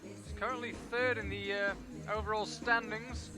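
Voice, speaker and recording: A man as lead commentator on a live climbing broadcast, calling the action in brisk play-by-play and reeling off rankings and points. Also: high-pitched, flat delivery, loud music behind the voice.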